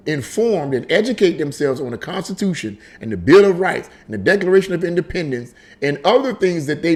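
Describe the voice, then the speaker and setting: A man hosting a casual political commentary monologue, emphatic and conversational, repeating his points as he tells a story. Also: high voice. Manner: animated storytelling with frequent repetition. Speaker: political commentary channel host.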